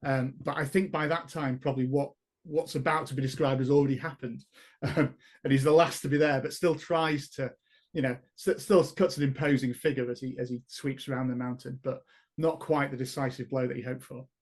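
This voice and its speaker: A man's voice: medium pitch, steady tone, brisk. Hesitant man playing a tabletop game. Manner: hesitant, many fillers. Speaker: player. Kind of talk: casual tabletop play.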